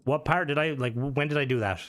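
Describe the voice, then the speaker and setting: A man's voice: fairly high pitch, quick pace, fairly bright tone. Rambling Irish man streaming. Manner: rambling, swears freely, answers chat. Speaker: game streamer. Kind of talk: casual live-stream chat.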